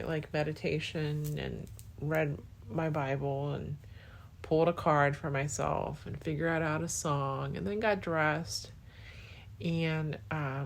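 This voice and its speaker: A woman's voice: low voice, a little hiss or hum. A young woman hosting her own podcast, talking to her partner in a casual, rambling, heartfelt way with lots of "like" and restarts. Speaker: podcast host. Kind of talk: casual spoken diary to a partner.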